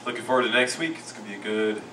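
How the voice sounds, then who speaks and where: A man guesting on a boxing talk show, chatting in an easy, relaxed way. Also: fairly low pitch, racing. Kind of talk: casual interview chat. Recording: roomy echo, far from the mic, clear noise.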